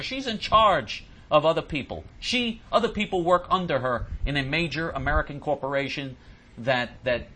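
Indignant, lively-voiced male host. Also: a little high, a little hiss or hum. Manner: indignant, stammering repeats. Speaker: host answering listener questions. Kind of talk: ranting monologue.

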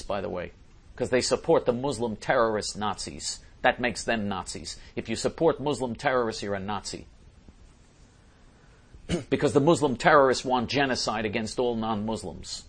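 A man's voice: medium pitch, fairly bright tone. Emphatic man ranting in commentary. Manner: emphatic and repetitive, often clears throat. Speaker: political commentator.

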